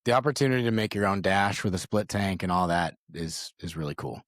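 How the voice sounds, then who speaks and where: A man's voice: low voice, brisk, a bit bright, no room sound, studio quality. A man co-hosting a casual podcast, laid-back and mostly answering with short agreeing replies. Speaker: podcast co-host.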